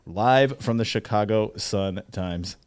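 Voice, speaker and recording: A man co-hosting a casual talk show from a studio, teasing his partner and reading out quick news items. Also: fairly low pitch, background noise. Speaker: co-host and producer. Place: radio studio.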